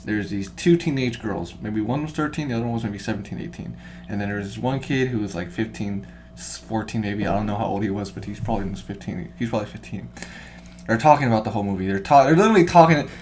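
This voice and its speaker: A man co-hosting a podcast in casual chat, rambling and swearing, getting loud when he retells what people said. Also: lowish voice, fast, a little hiss or hum. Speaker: podcast co-host.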